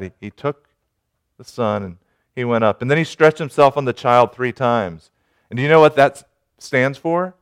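Earnest pastor with a smooth, clear voice. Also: male voice, medium pitch. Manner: earnest, rising to urgent pleading then dropping to quiet. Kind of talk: sermon.

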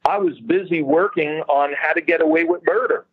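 A man's voice: on the high side, brisk, husky, dry recording, dull audio. A man casually telling a long anecdote as an interview guest, chatty and swearing freely. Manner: chatty storyteller, swears freely, laughs at his own punchlines. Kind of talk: casual anecdote over a call.

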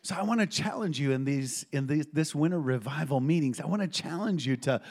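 A man preaching a sermon, telling a story with animated energy and laughter. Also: fairly high pitch, fairly quick.

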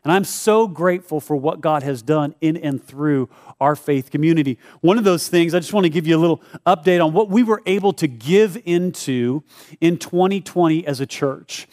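During a church service, a middle-aged male pastor talks to the congregation about giving in a relaxed, joking way, playing out little prayers. He speaks at a moderate pace in a voice on the high side with a somewhat dark tone.

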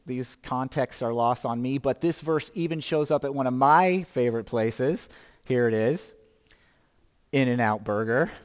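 A man in his fifties gives a sermon in a relaxed, conversational way, asking questions and making small jokes about himself. His voice sits at an ordinary middle pitch. The sound has a long reverb tail, as in a large hall. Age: 50s. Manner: conversational, self-deprecating humor, rhetorical questions. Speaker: pastor.

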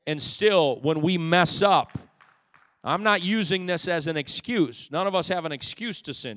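A male pastor preaching a sermon in a church, building to loud, fervent peaks and dropping in humorous asides to the congregation. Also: a little high, expressive, normal speed. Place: church sanctuary. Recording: long reverb of a church hall.

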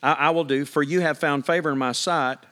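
Man, pastor preaching, scripture reading, emphatic, somewhat high pitch. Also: fairly even intonation, a little fast, fairly bright tone. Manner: conversational, emphatic, asks the congregation questions.

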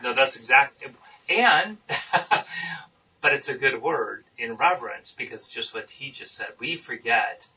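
A man leading a Bible study discussion, explaining scripture in an emphatic, animated teaching manner. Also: mid-range voice, measured pace. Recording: distant mic with faint noise.

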